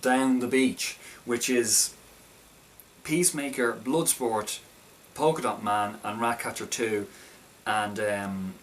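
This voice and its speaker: A man's voice: lowish voice, fairly even intonation, slow pace, fairly bright tone, recorded from a distance, slight background noise. A man casually reviewing a film, talking in a hesitant, stop-start way with many restarts.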